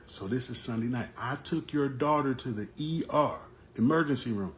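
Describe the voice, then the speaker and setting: A man's voice: mid-range voice, animated, normal speed, a little hiss or hum. A father casually telling a personal story to camera, conversational and getting heated at times. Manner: conversational, gets heated and loud when retelling the argument.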